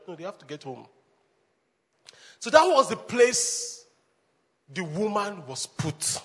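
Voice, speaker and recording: A man preaching as a pastor, animated, laughing often and calling the congregation to answer back. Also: sits high, a little slow, long pauses, breathy edge. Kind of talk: sermon. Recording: long hall reverb.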